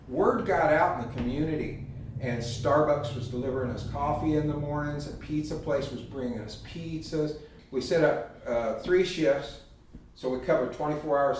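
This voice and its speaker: A man's voice: medium pitch, slight background noise. Folksy man in an echoey hall. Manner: folksy, animated storyteller acting out quotes. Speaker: speaker giving a talk. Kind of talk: storytelling talk with slides. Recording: echoey hall, heard from a distance.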